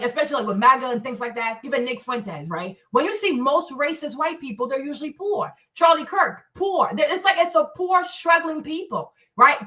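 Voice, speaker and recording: A woman's voice: high-pitched, pushed and bright. A woman from Africa hosting a livestream, ranting bluntly and profanely and tagging lines with "right?", on a slightly distant mic. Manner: blunt, profane, confrontational, keeps asking "right?". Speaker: livestream host. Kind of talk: solo ranting commentary.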